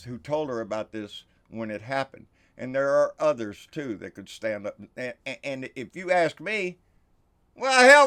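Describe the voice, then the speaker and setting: A man's voice: sits high, bright, forceful tone, smooth. A man ranting about politics, profane, sarcastic and heated. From Texas. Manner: profane, fiery, sarcastic, calls listeners "baby". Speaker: political vlogger.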